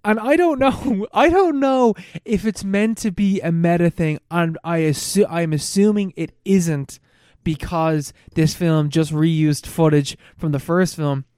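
A man's voice: fairly high pitch, a little mellow, smooth, no echo, clean studio sound. Rambling man recapping a film. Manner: rambling, laughing, swearing, fast storytelling. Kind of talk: casual chat recapping a film.

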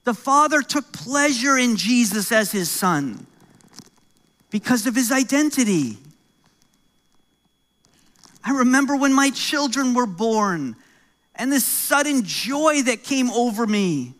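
A man's voice: very high-pitched, animated, slow pace, pauses often, a bit bright. A middle-aged man from New York with an American accent, preaching a sermon as pastor in a conversational, joking way with rising emphasis.

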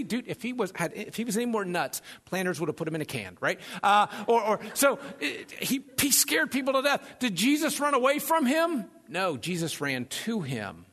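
A man preaching a sermon as pastor, animated and conversational, joking and acting out the voices of people in his stories. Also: high-pitched, moderate pace. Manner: animated, conversational, jokes and acts out quotes.

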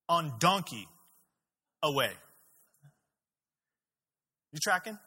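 Husky, bright-voiced preacher man in reverb. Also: mid-range voice, a little fast. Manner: animated, laughing, acts out characters. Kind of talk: sermon storytelling. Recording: long hall reverb.

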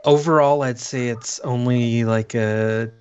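A man speaks as a guest on a casual podcast, with a voice in the middle of the male range. He keeps his answers brief and relaxed. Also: medium pitch, measured pace, smooth, highs cut off. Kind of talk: casual chat.

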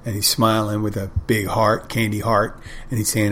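A man's voice: on the low side, monotone, normal speed, fairly bright tone, a little hiss or hum. A middle-aged man hosting a podcast, telling wry, rambling anecdotes in a casual monologue. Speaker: podcast host.

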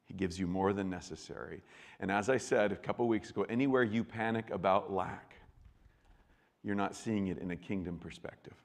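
A man's voice: low voice, a little fast, creaky, long reverb tail. An adult man preaching a sermon as a pastor, talking conversationally and often repeating words and restarting. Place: church.

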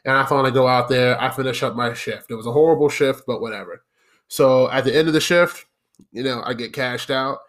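A young man hosting, telling a profane story about his old job in a casual, animated monologue that turns into rants at the listener. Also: medium pitch, a little fast. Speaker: podcast host.

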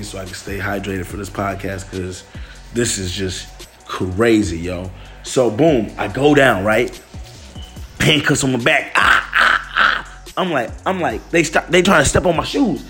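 A young man from Detroit telling a personal story on a podcast in a casual, animated way, acting out what others said and often calling listeners "bro". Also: mid-range voice. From Detroit, USA. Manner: animated, acts out other people's lines, peppered with "bro".

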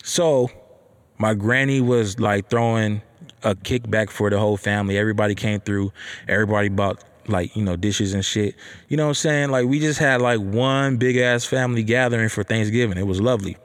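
Speaking fairly quickly in a fairly low voice, a young man shares a personal story in a casual, animated way. He swears freely and keeps dropping "you know what I'm saying."

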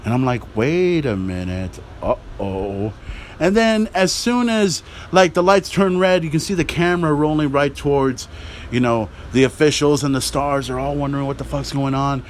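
Excitable, profane man recapping wrestling. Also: fairly high pitch, normal speed, a little hiss or hum. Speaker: podcast host. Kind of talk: casual wrestling recap rant.

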